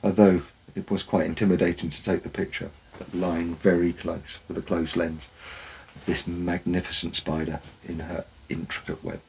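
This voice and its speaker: A man's voice: deep voice, flat delivery, moderate pace, creaky, darkish tone, a little hiss or hum, rough recording. A man, a former forest warden, tells wry anecdotes in a dry, storytelling way. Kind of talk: storytelling narration.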